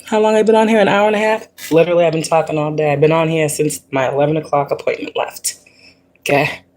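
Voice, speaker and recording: A woman's voice: low-pitched, steady tone, quick pace, a little mellow. A woman hosting a spiritual livestream, talking casually and animatedly, repeating herself and often breaking into laughter. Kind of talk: casual spiritual pep talk.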